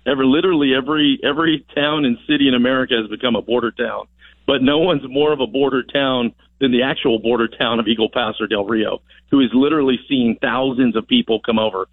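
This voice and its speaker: A man speaks over a thin telephone line with no room sound at all. He answers with emphatic, rallying conviction, pressing his points by repeating words. His pitch sits in an ordinary middle range. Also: fast, no room sound. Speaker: congressman as phone-in guest. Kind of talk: radio interview answers. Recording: dry tinny phone line.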